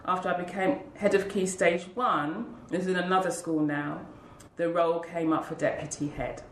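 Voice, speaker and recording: A woman's voice: lowish voice, fairly even intonation, normal speed, a little hiss or hum. Earnest woman telling her story, roomy sound. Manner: earnest, heartfelt, acts out quoted voices. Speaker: interview guest, school leader. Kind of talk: personal storytelling. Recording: roomy echo.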